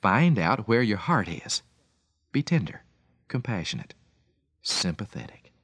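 A man's voice: on the low side, measured pace, slightly rough, dry recording. A man giving a scripted radio devotional, telling stories with emphatic, chuckling delivery. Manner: storytelling, warm emphatic delivery with lively swings and chuckles.

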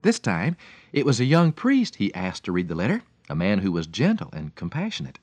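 Male radio devotional speaker, storytelling with big pitch swings, dry close mic. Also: moderate pace, no room sound. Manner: storytelling, warm emphatic delivery with lively swings and chuckles.

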